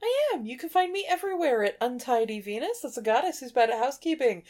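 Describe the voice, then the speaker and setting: A woman's voice: high voice, very animated, fast talker, a little mellow. A woman co-hosting a casual movie podcast, blunt and sarcastic, swearing freely. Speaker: podcast co-host.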